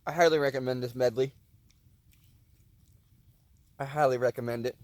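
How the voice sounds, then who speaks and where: A man's voice: mid-range voice, steady tone, moderate pace, no room sound. A man vlogging at a winter backcountry camp, chatting casually and relishing his camp food as he eats. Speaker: outdoor vlogger. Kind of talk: casual vlog chat while cooking and eating.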